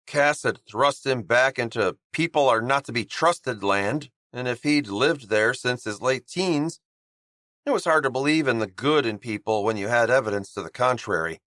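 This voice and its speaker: Reading aloud from a romance audiobook, a male narrator keeps his scripted delivery calm and even. The voice is mid-range, captured at studio quality with no room sound.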